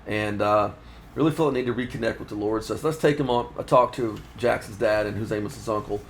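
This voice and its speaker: A man's voice: fairly low pitch, a little fast, a little hiss or hum. A man, a fishing magazine editor, chatting in an earnest, reflective way and often restarting his sentences. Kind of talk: casual chat. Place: fishing trade show floor.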